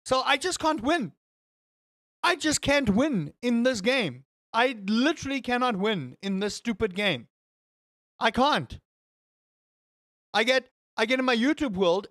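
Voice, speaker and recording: A young man streaming and chatting casually with his viewers, rambling and animated with exaggerated exclamations. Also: very high-pitched, no room sound, clean studio sound. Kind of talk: casual chat with live chat.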